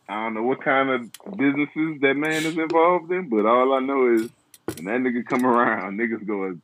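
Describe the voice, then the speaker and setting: A man's voice: medium pitch, moderate pace, fairly bright tone, slight background noise, rough recording. A man co-hosting a casual chat, telling stories in a laid-back way and laughing a lot.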